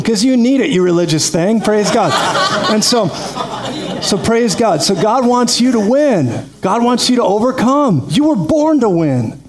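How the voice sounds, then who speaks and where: A man preaching a lively sermon, energetic and quick to laugh, calling out praise to his congregation. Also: high-pitched, a crowd in the background. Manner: energetic, laughs often, calls out "praise God". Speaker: pastor.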